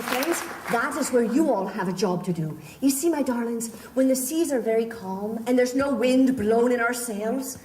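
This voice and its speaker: Slightly high and a little mellow, a woman's voice leads a live audience through a pirate participation show. She's theatrical and doting, calling her helpers darling and love. The recording is distant and echoey, with faint crowd and background noise.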